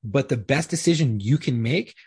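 A man's voice: mid-range voice, animated, normal speed, darkish tone, breathy edge, dry recording. A man and former police officer, telling profane stories in casual podcast chat. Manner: profane, storytelling with acted-out quotes.

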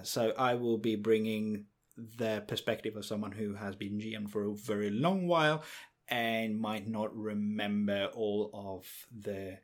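Slow, measured male podcast co-host. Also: on the low side. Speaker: podcast co-host, game master. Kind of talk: casual podcast chat.

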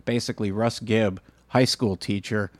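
A man with a fairly low voice tells a meandering story to his co-host. He leans on "uh" and "like" as he goes. The sound is dry and close to the mic. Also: fairly even intonation, normal speed, no room sound. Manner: rambling anecdotes with fillers like "uh" and "like". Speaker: podcast co-host. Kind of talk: casual chat.

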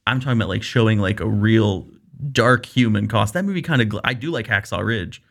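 Gravelly young man, earnest and eager. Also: fairly low pitch, brisk, fairly bright tone. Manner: earnest, enthusiastic, hesitant restarts. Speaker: podcast co-host. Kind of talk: casual chat about movies.

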